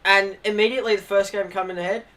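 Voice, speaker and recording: Over heavy background noise, a young man talks quickly in a high voice with fairly even intonation. He's chatting casually on a live stream, sharing funny family stories full of laughter, swearing, and mimicked family quotes.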